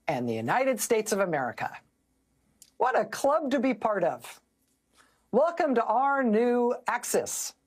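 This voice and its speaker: A middle-aged woman hosting a news show, delivering sardonic, incredulous commentary. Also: on the high side.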